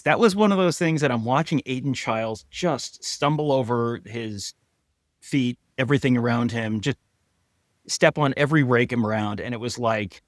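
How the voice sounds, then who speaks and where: A man co-hosting a sports podcast, telling stories with wry humor and quick mock voices. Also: medium pitch, no echo, clean studio sound. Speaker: podcast co-host. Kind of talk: casual sports chat.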